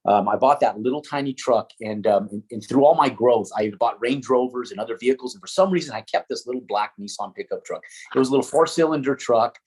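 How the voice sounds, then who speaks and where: A man's voice: medium pitch, fast talker, husky. A middle-aged man, an interview guest, telling a story in casual chat. He swears freely and acts out other people's lines as he talks. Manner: swears casually, animated with quoted dialogue.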